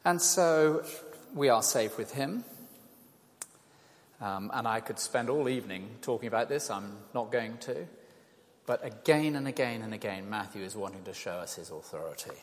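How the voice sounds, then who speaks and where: An older man giving an evangelistic talk to an audience, conversational and self-deprecating, telling stories with animation. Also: lowish voice. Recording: reverberant hall.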